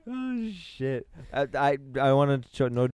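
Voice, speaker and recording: A man hosting a podcast, talking in quick, slangy, casual speech. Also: mid-range voice, sing-song, a little mellow, clear, resonant tone, no echo. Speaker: podcast host. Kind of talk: casual chat.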